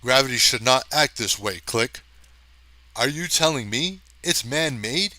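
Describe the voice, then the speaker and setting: Man doing a hulking joking space ranger, gruff, teasing, bright forceful tone, storybook reading. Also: mid-range voice, animated, unhurried, dry recording, low-quality recording. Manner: gruff, teasing, meant as Irish but plain. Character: huge brawny male space ranger, joking.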